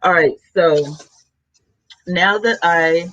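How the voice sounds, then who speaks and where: A woman hosting a podcast, chatting casually with her viewers in a soft, low-key voice while she snacks at her home desk. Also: slow, lo-fi sound. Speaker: podcast host. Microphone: new desk mic.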